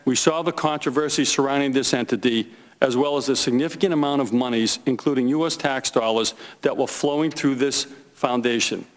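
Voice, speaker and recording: A man giving prepared testimony as a witness at a congressional hearing, deliberate and emphatic, repeating key phrases. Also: medium pitch. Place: large hearing room. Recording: reverberant hearing room.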